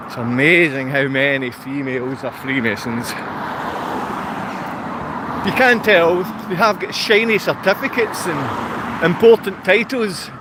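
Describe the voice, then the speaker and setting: A Scottish man with a Glaswegian accent, rambling to his viewers on a walk-and-talk vlog, chatty and quick to laugh. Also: on the high side. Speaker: vlogger. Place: outdoors on a town street with traffic. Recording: street traffic noise behind.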